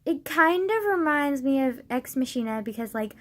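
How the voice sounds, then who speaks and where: A woman's voice: high-pitched, lively intonation, normal speed. A young woman talking casually to camera as a vlogger, rambling with lots of "like" and swearing, getting worked up at times. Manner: rambling, heavy use of "like", swearing, gets worked up.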